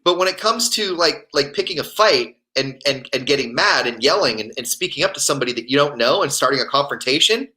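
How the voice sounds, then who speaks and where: A man's voice: mid-range voice, lively intonation, fast talker, hardly any pauses, pushed and bright, rough recording. A man co-hosting a casual chat show, telling stories in a rambling, laughing way. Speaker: co-host.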